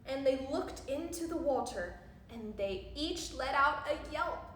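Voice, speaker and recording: A woman reads a rhyming picture book aloud for children in a sing-song voice. She speaks slowly with a high, light tone, and the roomy space gives her words an echoing tail over a faint hum. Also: lively intonation, a bit bright. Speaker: storyteller. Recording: roomy echo, faint background noise.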